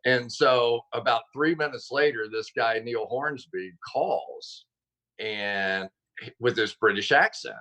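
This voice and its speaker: A man, a former football player and broadcaster, telling stories as a guest over a video call, animated and self-deprecating, laughing often. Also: medium pitch, slow pace, muffled recording.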